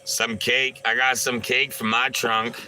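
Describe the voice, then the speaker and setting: A man's voice: mid-range voice, level tone, measured pace, bright, forceful tone, slight background noise, poor audio. A man hosting a casual livestream, rambling and joking as he greets viewers by name and answers their chat. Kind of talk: casual live-stream chat.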